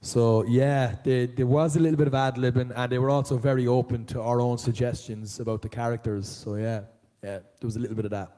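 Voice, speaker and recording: An Irish man, a voice actor answering fan questions at a live convention panel, telling stories in an animated way. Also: medium pitch, a little fast, few pauses. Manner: animated storyteller, jumps into voices of others. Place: large auditorium, live.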